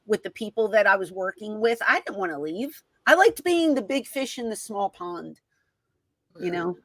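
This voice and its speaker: A woman's voice: medium pitch, moderate pace, no echo, low-quality recording. A middle-aged woman, a guest in an interview, telling stories in a casual way and acting out the lines of the people in them. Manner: animated, reenacts conversations with quoted voices. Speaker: guest, former wrestling personality.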